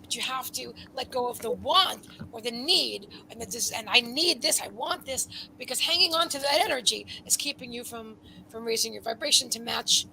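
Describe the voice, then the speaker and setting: A woman giving a live psychic card reading, rambling and breaking off mid-sentence, with quiet murmured asides. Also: fairly high pitch, animated, brisk, gravelly, slight background noise, poor audio. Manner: rambling, self-interrupting, drops into soft asides. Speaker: psychic reader.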